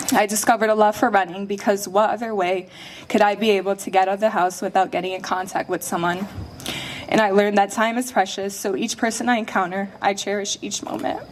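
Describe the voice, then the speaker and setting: A teenage young woman speaks a personal graduation speech with heartfelt earnestness. Her voice has a middling pitch and an even, sincere delivery. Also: fairly quick, a little hiss or hum. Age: late teens. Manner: heartfelt, earnest, a little emotional.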